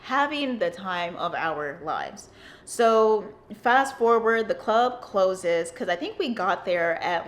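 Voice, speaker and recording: A woman's voice: medium pitch, expressive, slow. Chatty woman telling a story. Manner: rambling, filler-heavy, with frequent "like". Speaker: vlogger. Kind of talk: casual storytime.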